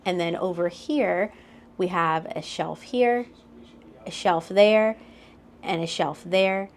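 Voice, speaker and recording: Slight background noise accompanies a young American woman's lowish, slow-paced narration as she casually tours a cruise cabin for her vlog. She gestures toward things along the way and gives light laughs.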